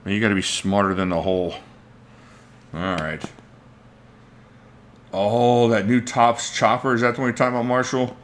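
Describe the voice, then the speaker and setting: A man's voice: fairly low pitch, steady tone, normal speed, pauses often, slight background noise. A man hosting a casual livestream, rambling and thinking aloud as he greets viewers by name. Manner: reads out viewer names mid-talk. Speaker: knife channel host.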